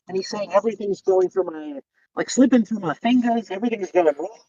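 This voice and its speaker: A man guest telling a long story in casual chat, rambling and animated, acting out the lines of others. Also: high-pitched, a little fast, gravelly. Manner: rambling, animated retelling with quoted dialogue. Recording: slightly dull lo-fi sound.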